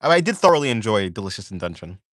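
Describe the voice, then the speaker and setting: Male streamer, casual chat. He rambles and corrects himself mid-sentence, with lots of "like" fillers, and his pitch swings a lot. Dry, close sound. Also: very animated, racing, fairly bright tone, no echo. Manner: reads viewer questions aloud and answers them. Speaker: art streamer chatting with viewers.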